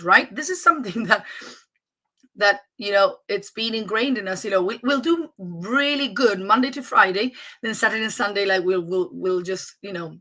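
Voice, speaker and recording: Bright-voiced woman coach. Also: mid-range voice. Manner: energetic and motivational, with frequent restarts. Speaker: fitness coach hosting a live stream. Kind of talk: live-streamed pep talk.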